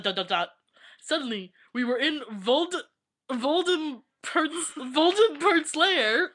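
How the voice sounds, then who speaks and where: A young woman with a high, bright voice and a forceful tone reads aloud into her webcam in a casual vlog. Giggles keep bursting through as she goes.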